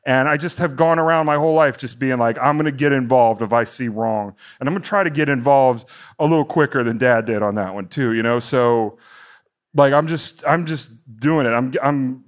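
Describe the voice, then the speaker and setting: A middle-aged man from the United States telling a long stand-up story, rambling and animated, his voice climbing high when he gets worked up. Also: a little fast. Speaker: stand-up comedian.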